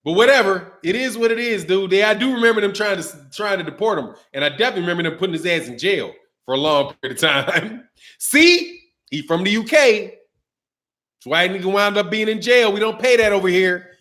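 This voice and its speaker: A man's voice: high-pitched, animated, brisk, a bit bright. A man hosting a boxing channel, chatting casually on a livestream. He talks in slang, laughs often and rambles. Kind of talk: casual livestream chat reading super chats.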